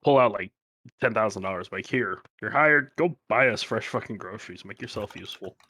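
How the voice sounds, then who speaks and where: A man's voice: fairly low pitch, a little fast, sharp tone, breathy edge, no echo. A man playing a tabletop game in a blunt, bossy, swearing manner. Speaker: player. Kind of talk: tabletop game role-play.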